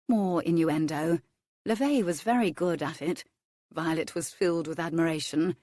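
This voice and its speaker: A woman narrating a historical romance in a measured, lightly wry manner on a close studio mic. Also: sits low, dark tone, dry recording. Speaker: audiobook narrator.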